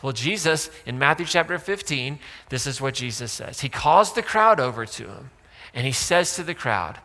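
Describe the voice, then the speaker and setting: A man's voice: mid-range voice, animated, moderate pace, bright, forceful tone, big-room sound. A man pastor giving a sermon in a casual, joking way, with asides to the congregation. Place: church sanctuary.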